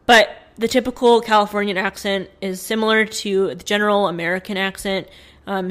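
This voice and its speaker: A woman co-hosting a casual podcast, sharing news stories in a chatty way with plenty of fillers. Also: medium pitch. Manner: chatty, reads from notes with fillers. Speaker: podcast co-host.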